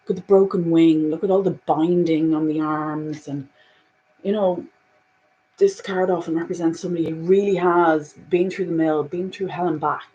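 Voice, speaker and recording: A woman giving a spiritual oracle card reading, earnest, full of "you know" fillers, moving between hushed passages and emphatic ones. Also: sits low, fairly even intonation, normal speed, highs cut off.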